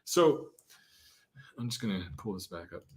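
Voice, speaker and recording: A man's voice: on the low side, big pitch swings, a little slow. Casual man teaching guitar strumming. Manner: casual, repeats "okay?", counts beats aloud. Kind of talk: live-streamed guitar lesson. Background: his own acoustic guitar strumming.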